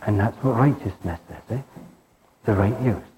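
A man giving an informal spiritual talk in a rambling way, often tagging his lines with "eh?" and dropping soft and low on key words. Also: normal speed, slight background noise, low-quality recording. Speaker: spiritual teacher.

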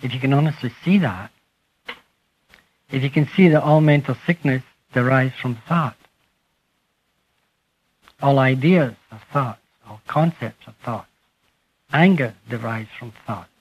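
The sound is muffled and lo-fi, much like a vintage archive tape. Addressing a gathered group, a husky man with a mid-range voice gives a spiritual talk slowly and emphatically, pressing on key words as his phrases trail off quietly.

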